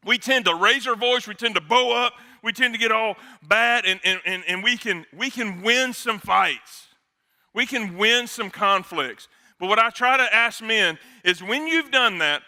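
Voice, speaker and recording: A middle-aged male pastor preaching with a high, ringing voice. He keeps it conversational, tossing in quick jokes and asides as he talks to the men in the room. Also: bright, forceful tone. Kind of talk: sermon.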